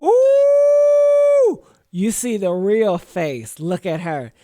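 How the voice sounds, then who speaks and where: A woman's voice: lowish voice, expressive, takes it slowly, warm tone, dry recording. A woman giving casual reaction commentary, sassy and mocking, laughing often and talking straight to her viewers.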